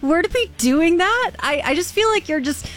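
A woman's voice: very high-pitched, lively intonation, normal speed, fairly bright tone. A woman co-hosting a radio show, candid and laughing easily in casual chat.

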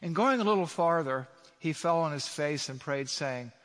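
A man's voice: fairly high pitch, expressive, normal speed, hardly any pauses, fairly bright tone, in a large hall. A male pastor preaching a sermon, emphatic, with rhetorical questions to his congregation.

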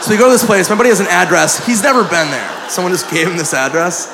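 A man doing stand-up, telling a story in an animated, profane way and acting out the people in it, on a club mic. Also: sits high, fast talker, vocal fry. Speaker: stand-up comedian. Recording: live club mic with a noisy crowd.

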